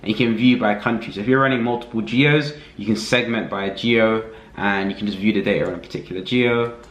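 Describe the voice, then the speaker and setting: A man with a somewhat low voice talks through a screen-recorded review in a relaxed, unhurried way. He thinks aloud as he goes, with plenty of fillers and small restarts. His voice carries a roomy echo. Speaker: affiliate marketing reviewer. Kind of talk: casual screen-recorded walkthrough.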